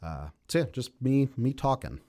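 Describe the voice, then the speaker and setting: Lively-voiced male voiceover actor chatting. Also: mid-range voice, normal speed. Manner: conversational, animated, self-deprecating. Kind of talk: casual interview chat.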